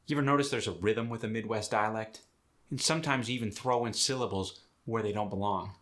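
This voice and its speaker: Man, dialect coach, instructive tutorial, low pitch, bright forceful tone. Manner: instructive, brisk explaining. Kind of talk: accent tutorial.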